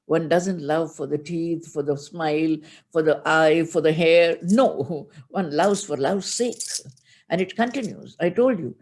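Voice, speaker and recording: A woman's voice: low voice, unhurried. A woman with an Indian accent, a spiritual teacher giving a devotional discourse, telling stories expressively and speaking straight to her listeners. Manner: expressive storytelling, addresses listeners directly.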